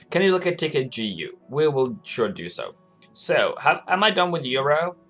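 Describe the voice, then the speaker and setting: A man's voice: on the high side, fairly bright tone. Chatty man hosting a trading livestream. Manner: chatty, answers viewers by name, laughs often. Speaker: forex trading livestream host. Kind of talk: casual live-stream chat.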